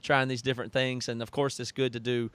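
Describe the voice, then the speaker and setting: A man's voice: mid-range voice, flat delivery, fairly quick, a bit bright, clean tone, no echo. A man co-hosting a casual livestream chat, earnest and rambling, often restarting his sentences. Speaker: co-host and recording engineer.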